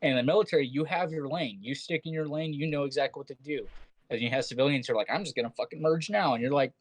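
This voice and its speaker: A man's voice: mid-range voice, fast, no echo, poor audio. A man, a military veteran co-host, talking bluntly and profanely in casual chat. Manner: blunt, profane, matter-of-fact.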